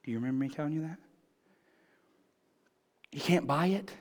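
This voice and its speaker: High-voiced man preaching a sermon. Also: normal speed. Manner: preaching with rising fervor, asks the congregation questions. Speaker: pastor.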